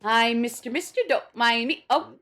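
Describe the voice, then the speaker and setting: A woman's voice: a little high, normal speed, fairly bright tone. A young woman streaming a video game, chatting playfully with her viewers and laughing often. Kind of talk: casual gameplay commentary.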